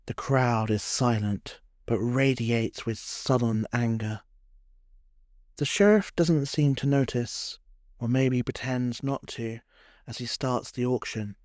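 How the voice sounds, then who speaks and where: A man's voice: medium pitch, fairly even intonation, slow, a little mellow, no echo. A man narrating a scripted history tale in a wry storytelling way, with dry humorous asides.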